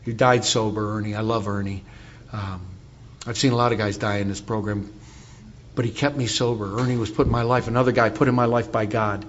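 A man's voice: fairly low pitch, fairly even intonation, brisk, muffled recording, a little hiss or hum. Middle-aged man candidly sharing a recovery story. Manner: candid storytelling with wry humor. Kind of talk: recovery talk to an audience.

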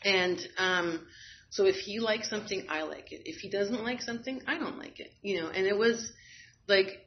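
Woman, candid storytelling, wry and frank, medium pitch, slightly muffled audio. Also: normal speed. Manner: frank and wry, with fillers and laughter. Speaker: guest sharing a personal story. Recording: slightly dull audio with faint noise.

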